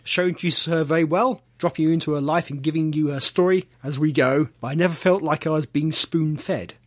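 A man co-hosting a podcast, reading a listener's email aloud in an earnest, measured way. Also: on the high side, no room sound, studio quality. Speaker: podcast co-host.

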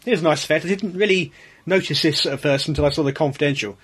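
A man's voice: a little high, fast talker, fairly bright tone, husky. A man co-hosting a casual podcast commentary, mostly short agreements and wry asides. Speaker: podcast co-host.

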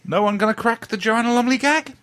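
A man's voice: extremely high pitch, a little fast, fairly bright tone. A man hosting a casual podcast chat, reading out listener messages and chuckling often. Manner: chuckling, reads messages aloud.

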